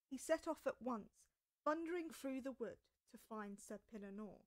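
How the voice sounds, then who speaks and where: A woman narrating a storybook aloud with expressive delivery. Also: on the high side, normal speed.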